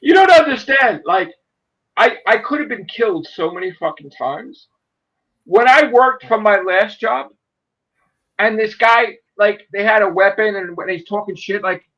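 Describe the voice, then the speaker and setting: A man's voice: high-pitched, unhurried, dull audio. A man in his forties telling heated, profanity-laced stories in a casual chat. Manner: profane, heated, animated storyteller. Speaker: podcast co-host.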